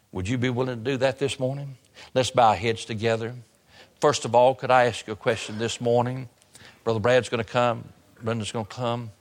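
A man's voice: mid-range voice, fairly even intonation. Brief: male pastor, sermon delivery, repeats lines and drags key words, long church reverb. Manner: preaching with repetition and sudden slow emphasis. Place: church sanctuary.

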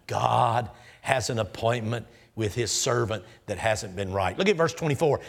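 A man's voice: medium pitch, normal speed, creaky. Emphatic preacher in his sixties. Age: 60s. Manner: emphatic, numbered points, drops to hushed asides. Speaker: guest preacher. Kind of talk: sermon.

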